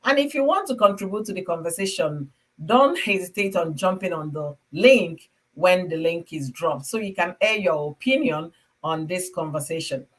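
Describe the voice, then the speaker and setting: A woman's voice: lowish voice, expressive, normal speed. A woman with a Nigerian accent hosting a casual livestream from home, chatting with viewers and greeting them by name. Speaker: livestream host.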